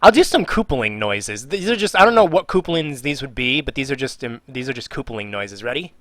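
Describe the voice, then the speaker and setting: A man's voice: medium pitch, expressive, a little fast, a bit bright, no echo. Joking man chatting on a live stream. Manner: jokey, reads viewer questions aloud; trails off and mutters while working. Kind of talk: casual live-stream chat.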